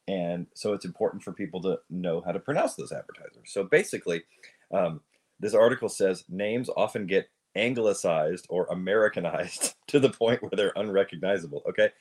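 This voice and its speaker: Low husky-voiced man, casual podcast host. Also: moderate pace, darkish tone. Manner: reads out an article, playful and teasing. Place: audio-only podcast recording.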